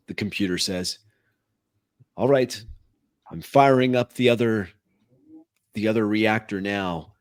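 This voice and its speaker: A man narrating as game master of a tabletop game, in a lowish voice at an unhurried pace. His descriptions come across measured and the sound is dry and close. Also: no echo.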